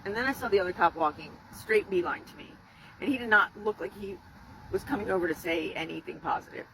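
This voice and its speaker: Bright-voiced woman telling a raw story. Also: fairly low pitch, fast, gravelly, a little hiss or hum, low-quality recording. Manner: candid, emotional, swears freely. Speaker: rescuer telling her story. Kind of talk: personal storytelling to camera.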